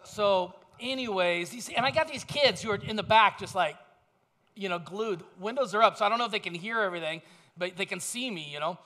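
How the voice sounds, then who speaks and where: A man's voice: sits high, a little fast, pushed and bright. A man pastor giving a sermon in a conversational storytelling way, with self-deprecating asides.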